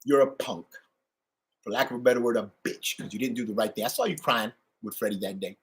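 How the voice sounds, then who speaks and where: A middle-aged man delivering a profane, ranting monologue to his channel, swinging between loud outbursts and low mutters. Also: fast. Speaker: channel host.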